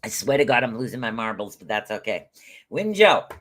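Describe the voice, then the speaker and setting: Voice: medium pitch, fast, fairly bright tone. Chatty rambling live-stream rune reader. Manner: chatty and rambling, calls viewers by name. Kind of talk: casual live-stream reading.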